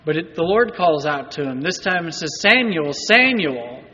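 A man's voice: on the high side, brisk, a bit bright, long reverb tail, highs cut off. A man preaching a sermon as pastor, in a conversational manner that often asks the congregation rhetorical questions.

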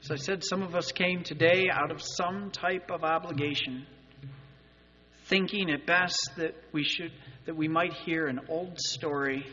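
A male pastor delivers an Easter sermon in a bright, forceful voice that sits a little high. He shifts from loud, urgent appeals to quiet, earnest asides. The sound is muffled, with a long church reverb. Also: steady tone, a little slow, a little hiss or hum. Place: church sanctuary.

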